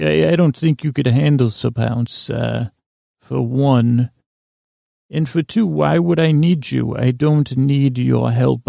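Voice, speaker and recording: A man's voice: mid-range voice, gravelly, dark tone, no room sound, clean studio sound. A man voicing a naive young boy king who rambles and stammers in earnest. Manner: halting, stammering and childishly earnest. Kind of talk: improvised comedy voice acting.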